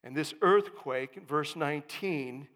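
Slow-preaching pastor in a reverberant hall. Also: male voice. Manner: dramatic swings from hushed to booming. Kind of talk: sermon. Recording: long church reverb.

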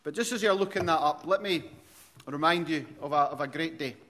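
A pastor in his forties from Aberdeen, Scotland, preaches a sermon in an Aberdonian Scottish accent. He is earnest, restarts frequently, and grows louder when telling stories. His voice is on the high side, fairly quick and a bit bright.

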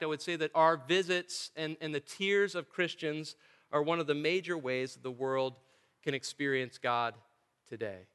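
Preacher with a bright, resonant voice. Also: male voice, on the high side, smooth. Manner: earnest, emphatic preaching with dry humor. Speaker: pastor. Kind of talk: sermon. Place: church. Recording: long church reverb.

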